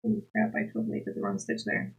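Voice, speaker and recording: A woman's voice: fairly high pitch, sing-song, fast, vocal fry, husky, highs cut off. A young woman chatting casually with her live chat while knitting, giggly and talkative. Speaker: livestreamer.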